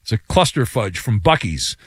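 Animated, theatrical male sports commentator. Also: fairly low pitch, moderate pace, breathy edge, no room sound, clean studio sound. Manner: theatrical, jokey, big vocal swings.

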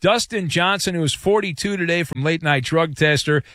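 A man hosting a sports talk radio show, excitable and quick to break into shouted chants. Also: fairly high pitch, no room sound.

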